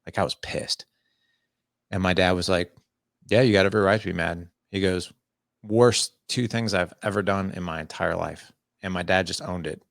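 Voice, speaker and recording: A man with a very deep voice and a gravelly, fry-laden texture tells a personal story in earnest, animated bursts, acting out old conversations. The sound is dry and close, with no room around it. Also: moderate pace, dry recording. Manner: earnest, animated storytelling with frequent "I was like" quotes. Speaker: podcast guest. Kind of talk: candid storytelling interview.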